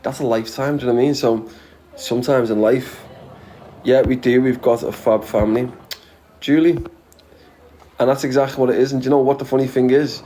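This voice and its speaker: A man's voice: mid-range voice, fairly even intonation, brisk, warm tone, slight background noise. A man with a Scouse accent chatting casually to viewers as a livestreamer, blunt and full of swearing, chuckling often. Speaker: livestreamer reading viewer comments.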